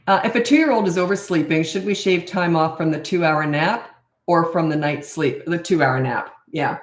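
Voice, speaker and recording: A woman's voice: sits low, normal speed. Chatty middle-aged woman in roomy echo. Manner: chatty, reads out viewer questions and answers frankly. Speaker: parenting coach and host. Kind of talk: casual live Q&A. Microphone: camera mic.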